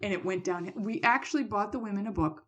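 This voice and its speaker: A woman's voice: medium pitch, fast talker, muffled recording. A woman from Boston with a Boston accent, co-hosting a podcast in blunt, laughing, casual chat. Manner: blunt, laughing, swears freely. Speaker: podcast co-host.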